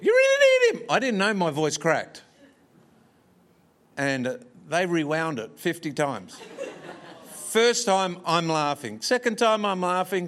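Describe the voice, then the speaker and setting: A man's voice: mid-range voice, fairly bright tone. A man preaching a storytelling sermon with humorous, self-deprecating asides and frequent chuckles.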